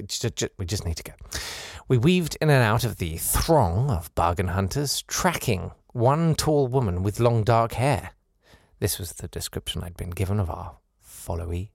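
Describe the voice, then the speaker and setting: A man's voice: mid-range voice, gravelly, dry recording. Podcast guy reading out listener mail, bouncy up and down voice, dry sarcastic asides, dead dry close sound. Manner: wry, sarcastic asides with mock exasperation. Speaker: podcast host. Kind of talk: casual chat reading listener messages.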